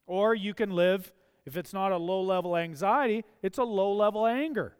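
A man's voice: high voice, normal speed, clear, resonant tone. A man preaching a sermon, earnest and asking pointed, emphatic questions. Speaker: pastor. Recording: long hall reverb.

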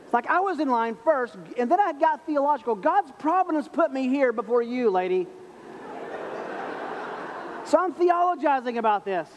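High-voiced pastor in an echoing hall. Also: male voice, big pitch swings, normal speed, slight background noise. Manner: humorous storytelling, self-mocking. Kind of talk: sermon. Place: church sanctuary.

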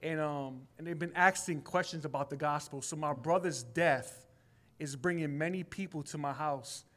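Man in his forties giving an earnest church testimony, plain-spoken, rising to conviction, slightly high-pitched. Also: normal speed, a bit bright. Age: 40s. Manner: heartfelt, casual street speech, grows emphatic. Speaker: church member sharing a testimony. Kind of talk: personal testimony.

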